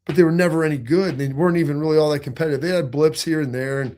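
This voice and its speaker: A man in his forties hosting a sports talk show with an emphatic, energetic delivery. His voice sits a little high for a man, and he keeps a loose, conversational flow. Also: very fast. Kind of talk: casual sports talk commentary.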